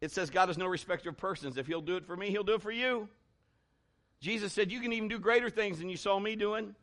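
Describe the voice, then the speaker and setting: A pastor preaches a sermon in a high voice. He builds his volume and calls out to the congregation as he goes. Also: quick pace, a bit bright.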